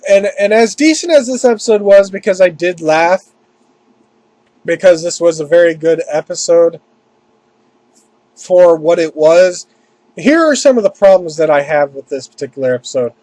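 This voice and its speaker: A man with a high voice talks through a casual anime review. He rambles and keeps restarting his sentences. The sound is dry and close, with no room echo. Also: expressive, normal speed, darkish tone.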